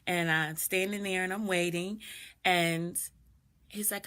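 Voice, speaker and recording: A woman's voice: mid-range voice, normal speed, pushed and bright. Middle-aged woman, vlog host, reflective personal storyteller, mid-range voice. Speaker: doula and video host. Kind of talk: personal storytelling on a live stream.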